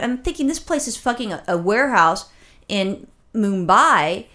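Woman co-host, casual chat. Profane, exasperated storyteller, rambling and animated. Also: mid-range voice. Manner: animated, rapid rambling with restarts. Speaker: podcast co-host.

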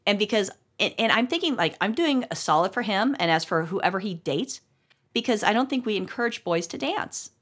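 A woman's voice: medium pitch, animated, brisk, a bit bright, breathy edge. A woman co-hosting a podcast, telling rambling, profane stories in casual chat with frequent restarts. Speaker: podcast co-host.

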